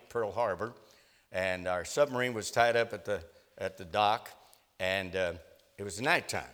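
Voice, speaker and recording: A man's voice: on the low side, fairly bright tone. An older man preaching a sermon, telling a story in a folksy way with many fillers and emphatic rises. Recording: long hall reverb.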